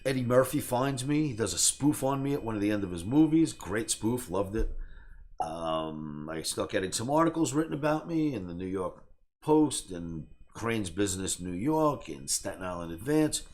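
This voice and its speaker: A man's voice: lowish voice, sing-song, moderate pace, darkish tone. A man who teaches trading tells a story in a brash, boastful way and acts out the other people in it. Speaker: trading educator.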